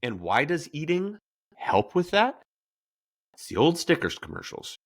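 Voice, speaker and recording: A man's voice: fairly high pitch, huge pitch swings, a little slow. A man hosting a podcast in a casual discussion, telling stories with animation and acting out quoted lines. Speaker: podcast host.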